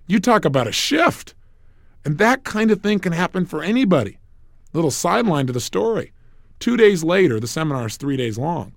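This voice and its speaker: A man's voice: fairly high pitch, sing-song, a little fast, vocal fry, no room sound, studio quality. A man giving a recorded self-help lecture as a motivational speaker, emphatic and repetitive, telling stories.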